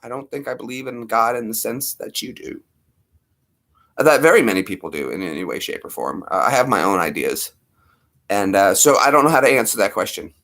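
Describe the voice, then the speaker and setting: A man's voice: fairly low pitch, sing-song, fairly quick, gravelly, a bit bright. A man in his thirties hosting a casual livestream, rambling playfully and talking to viewers by name. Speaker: livestream host.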